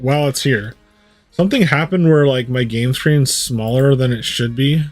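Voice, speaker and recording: A man's voice: medium pitch, a little mellow. A man casually commenting on his gameplay during a live stream, thinking aloud and rambling. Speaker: game streamer. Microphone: studio USB condenser mic.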